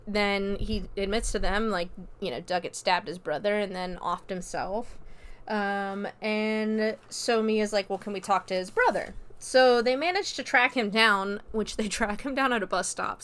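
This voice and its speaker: A woman hosts her own podcast and talks through a horror film's plot in a relaxed, chatty way. Her voice is smooth and clear, and sits at a middle pitch. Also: moderate pace. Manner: chatty, loose with fillers and quoted dialogue. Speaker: podcast host. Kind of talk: casual movie recap.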